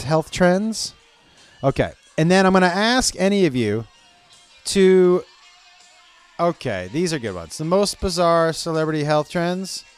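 A man's voice: sits high, darkish tone, clean tone. A man hosting a podcast in a loose, profane, rambling comedic monologue. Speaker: podcast host.

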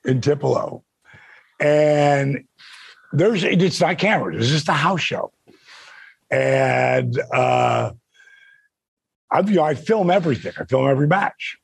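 Gravelly guy spinning a profane story, rough husky voice, fired up. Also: a little high, takes it slowly, long pauses, no room sound. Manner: excitable, swears a lot, stammers on restarts. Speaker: podcast guest, former wrestler.

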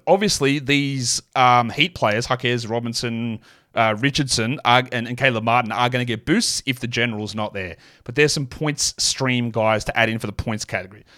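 A man's voice: medium pitch, sharp tone. A man hosts a solo fantasy basketball podcast in a casual, analytical way. His voice sits in an ordinary middle range. He rambles, doubles back and corrects himself, with plenty of fillers.

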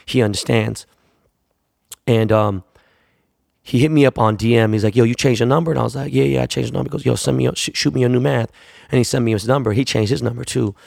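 A man's voice: mid-range voice, steady tone, quick pace, vocal fry, darkish tone, no room sound, studio quality. A man, a jeweler, telling a long casual anecdote in a profane, rambling way, acting out the people he quotes. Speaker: jeweler and store owner.

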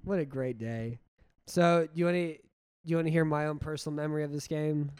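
A young man co-hosting a casual chat while watching an old football game, animated and quick to tell stories. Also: fairly high pitch, clear, resonant tone. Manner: animated, storytelling, laughs easily. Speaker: podcast co-host.

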